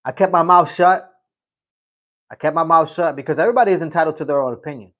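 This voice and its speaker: A man's voice: a little high, fast, a bit bright. A middle-aged man hosting a casual livestream, reading chat and telling a rambling story, often repeating himself.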